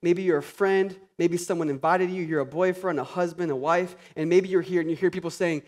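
A man preaching a conversational sermon, animated and sarcastic at times, moving from quiet asides to loud, passionate peaks. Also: sits high, brisk, few pauses. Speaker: pastor.

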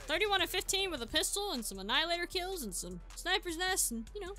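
A woman's voice: very high voice, fast, hardly any pauses, faint music behind. A woman hosting a gaming channel, giving live gameplay commentary in a chatty, self-mocking way and yelping in bursts. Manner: excitable, yelps and shouts in bursts.

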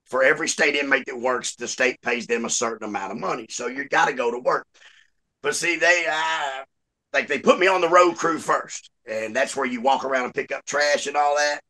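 Lively bright-voiced man. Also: medium pitch, moderate pace. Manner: animated, swears a lot, laughs mid-story. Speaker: guest storyteller. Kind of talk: casual storytelling.

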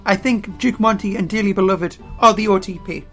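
A man giving casual game commentary while playing, excitable and prone to loud outbursts, his throat getting strained. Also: sits high, fairly quick, faint music behind. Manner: excitable, bursts into loud yelling. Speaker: let's play gamer.

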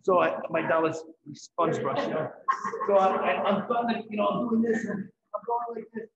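A middle-aged man giving a live painting demonstration, telling lively anecdotes and acting out what others said. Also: sits high, normal speed, reverberant, dull audio, over a noisy crowd. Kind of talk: storytelling during a live demonstration. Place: event hall.

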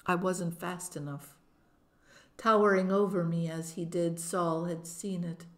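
A woman narrating a novel in first person as an audiobook, in a measured, expressive manner. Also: on the low side.

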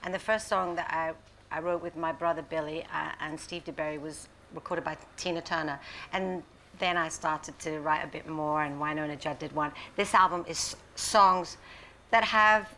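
A woman in her fifties with a Scottish accent, a singer chatting as a guest on a chat show, bubbly and playful and quick to laugh. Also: low-pitched, steady tone, bright, forceful tone, a little hiss or hum. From Scotland. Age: 50s.

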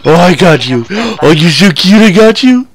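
A man's voice: high-pitched, animated, normal speed. A young man giving casual, rambling, crude and joking voice-over commentary on his gameplay clips.

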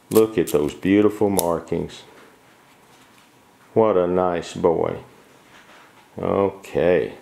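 Slow, gravelly low-voiced man coaxing puppies. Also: dark tone. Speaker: dog breeder filming puppies. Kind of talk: casual home video narration. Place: home kitchen.

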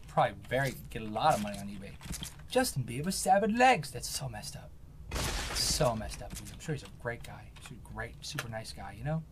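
A man's voice: medium pitch, noisy background. A young man giving jokey, hyper commentary while playing a game. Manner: hyper, jokey, shifts into silly voices and yelps. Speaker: gaming commentator.

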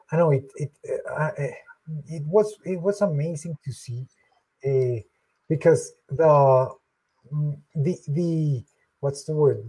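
A man's voice: a little high, a little mellow, husky, poor audio. A man hesitantly talking, often searching for words, on a video call. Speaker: program director. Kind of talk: casual conversation.

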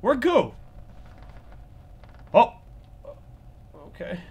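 Jumpy high-voiced man playing horror. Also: big pitch swings, extremely slow, gravelly, darkish tone, slightly rough, lo-fi sound. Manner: jumpy, swearing, nervous joking asides. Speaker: gaming channel host. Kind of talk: horror game commentary.

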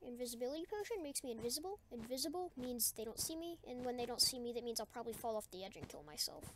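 A woman's voice: lively intonation, very fast, slight background noise. A woman giving goofy, rambling commentary while playing a video game, humming and singing to herself between remarks. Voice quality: high-pitched voice. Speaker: gaming video creator. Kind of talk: casual gameplay commentary. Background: loud background music.

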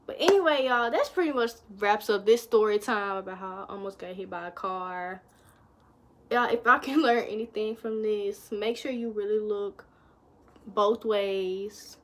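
A young woman, casually telling a storytime vlog to her viewers, chatty and animated in her retelling. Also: mid-range voice, moderate pace. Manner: chatty, addresses viewers as y'all, lively retelling. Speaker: vlogger.

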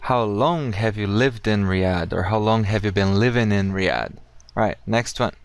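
A man teaching English in a casual video lesson, upbeat and friendly, slowing down to model each correct phrase. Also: on the low side, dry recording.

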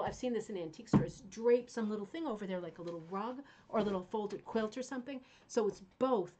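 Woman host, enthusiastic and rambling, casual teaching chat, mid pitch. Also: a little mellow. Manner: chatty and rambling, often asks "right?". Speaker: host of a craft club show.

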